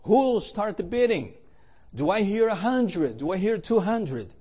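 A man's voice: high voice, big pitch swings, measured pace, dark tone, husky, full character voice. A man acting out an insistent auctioneer as he calls out bids in a sermon story. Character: stern older male auctioneer, persistent.

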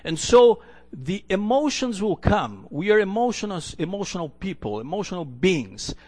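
Male pastor, earnest sermon delivery, storytelling, voice sits a bit high. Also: very animated, normal speed, a little mellow. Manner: earnest, storytelling preacher with repeated restarts.

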